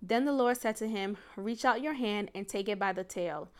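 A woman's voice: medium pitch, normal speed. A young adult woman hosting a faith podcast, talking casually and emphatically, laughing often. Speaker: podcast host.

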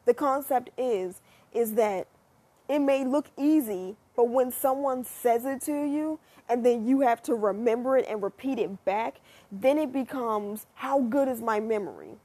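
A young American woman talking casually to her viewers, chatty and animated, swearing freely as she muses. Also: on the high side, unhurried, breathy edge. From United States. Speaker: vlogger. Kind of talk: casual monologue to camera.

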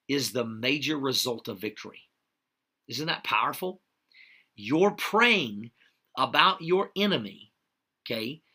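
A man with a fairly high, bright, forceful voice preaches a livestreamed sermon, greeting viewers by name. He's emphatic, hammering key points home through repetition and frequent "okay?" checks.

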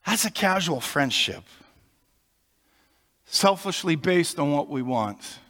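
A male pastor preaching a sermon, explaining in a conversational manner with measured pauses, recorded in a church. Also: fairly high pitch, lively intonation, fairly bright tone. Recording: long reverb of a large hall.

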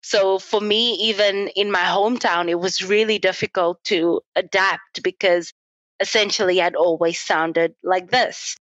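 A woman's voice: medium pitch, fairly even intonation, measured pace, fairly bright tone, dry recording, dull audio. A young South African woman, a native Afrikaans speaker, reflecting in a casual interview and laughing often. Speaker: guest.

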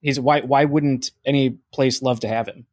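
A man's voice: medium pitch, fairly even intonation, moderate pace, darkish tone, no room sound, clean studio sound. A man co-hosting a podcast, making wry jokes. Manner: wry, joking. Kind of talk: casual podcast chat.

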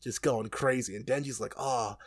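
Man, somewhat high voice, dry close sound, casual anime recap, animated, swears a lot, laughs often. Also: moderate pace, no room sound.

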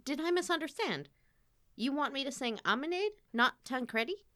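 A woman reading as a proud opera diva, wry and openly suspicious. Her lines rise and fall with lively pitch in a storybook reading. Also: moderate pace.

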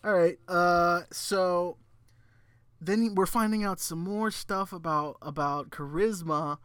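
A man recapping a movie in loose, rambling casual chat. He laughs and sounds exasperated at the plot. His voice sits a little high and sounds dry and close. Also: slow, a bit bright, clear, resonant tone, no echo. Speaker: podcast co-host.

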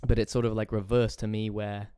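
A man's voice: lowish voice, little pitch movement, brisk, mellow, smooth, no echo. A man chatting casually and easily, tossing in words like dude and man. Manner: laid-back and chatty, says dude and man. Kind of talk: casual conversation.

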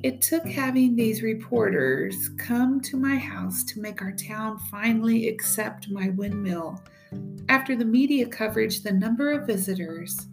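A woman teacher reading a memoir aloud in a steady, measured storytelling voice. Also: fairly high pitch, gravelly.

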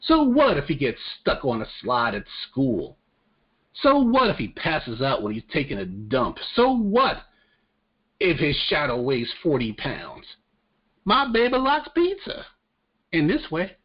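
A man's voice: fairly high pitch, huge pitch swings, unhurried, husky, voice pushed up, exaggerated voice. A man putting on a defensive trailer-park dad with a clumsy US Southern accent, whiny and indignant. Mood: mocking. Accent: US Southern, put on badly. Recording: dull lo-fi audio.

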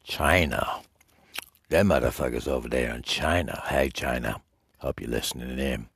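Deep gravelly man, profane rambling host. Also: moderate pace, fairly bright tone, no room sound. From Detroit. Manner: profane, rambling, mock-insulting the audience. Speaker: radio host. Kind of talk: crude rambling solo radio talk.

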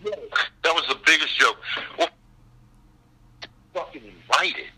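An older man, a guest actor, telling stories in a casual chat on a call, profane and animated. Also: a little high, slow, breathy edge, rough recording.

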